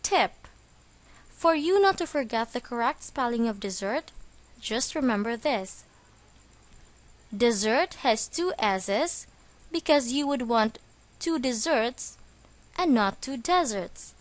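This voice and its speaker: Slow, clear-spoken woman teaching English. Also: a little high, expressive. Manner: slow, careful, stressing syllables. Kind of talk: scripted vocabulary lesson.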